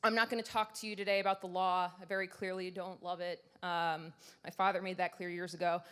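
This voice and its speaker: A woman's voice: on the low side, little pitch movement, fairly quick, fairly bright tone, smooth. A woman in her thirties giving a conversational, self-deprecating conference talk, with frequent fillers. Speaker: conference speaker. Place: conference stage.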